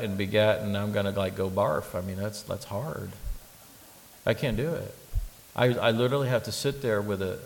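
A male pastor preaching a sermon with a gravelly, creaky edge to his voice. He moves between soft, conversational asides and loud, emphatic bursts, with humorous asides. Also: mid-range voice, slight background noise, rough recording. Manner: humorous asides and joking impressions.

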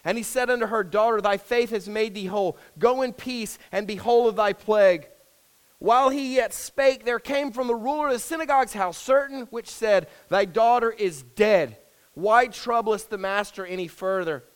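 A man preaching a sermon, praying in a hushed voice and reading scripture aloud with rising intensity. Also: high voice, clear, resonant tone. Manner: earnest, rises and swells when reading scripture aloud; hushed and slow in prayer. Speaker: pastor.

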